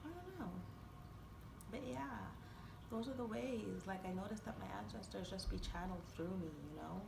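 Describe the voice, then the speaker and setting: A young woman vlogger with a creaky, mid-range voice and lively intonation talks at normal speed. She rambles through a personal story to camera, full of fillers and bursts of laughter, in an echoey, noisy room.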